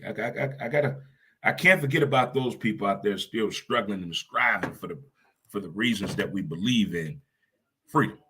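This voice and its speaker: A middle-aged man hosting a casual talk show, animated and quick to laugh, swearing casually. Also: on the low side, slight background noise. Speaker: show host.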